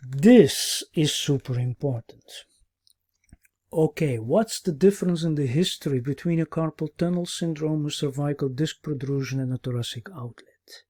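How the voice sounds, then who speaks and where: A man teaching a recorded clinical course, explaining at an even pace with many "uh" pauses and checking "yeah?" tags. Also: a little high. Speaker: orthopaedic medicine instructor.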